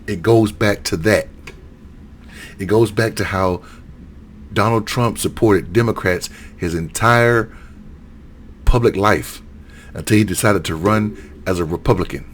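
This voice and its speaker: A man's voice: on the low side, a little slow, long pauses, slight background noise. A middle-aged man from Alabama giving a heated solo rant, often repeating and correcting himself. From Alabama, USA. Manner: heated, repetitive, self-correcting. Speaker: political commentator.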